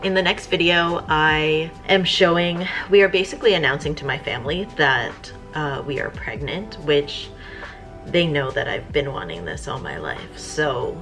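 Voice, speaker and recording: Low-voiced woman vlogger chatting casually. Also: animated, normal speed, fairly bright tone, soft background music. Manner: chatty, rambling with fillers. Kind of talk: casual chat.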